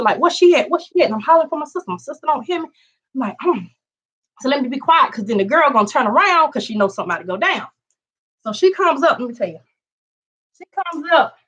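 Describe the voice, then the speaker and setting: A woman's voice: fairly high pitch, breathy edge. A woman vlogger telling a story casually, acting out quotes in a raised voice. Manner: animated, acts out quotes in raised voice.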